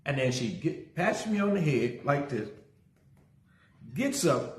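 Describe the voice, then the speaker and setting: A man's voice: fairly high pitch, sing-song, measured pace, pauses often, a little mellow. A middle-aged male pastor giving a casual livestream sermon. He talks energetically, greets viewers by name and tells a story from his own life. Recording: roomy echo.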